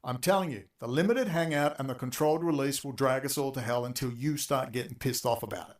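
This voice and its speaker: A man ranting angrily on a talk show, profane and exasperated, talking in rapid bursts. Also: medium pitch. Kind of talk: angry political rant.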